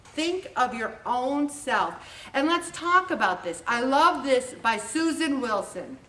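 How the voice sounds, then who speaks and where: A woman leading a group meeting, telling stories in a chatty, animated way. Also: high voice, slow. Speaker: group leader giving a talk. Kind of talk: motivational talk to a group. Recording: echoey room, voice from a distance.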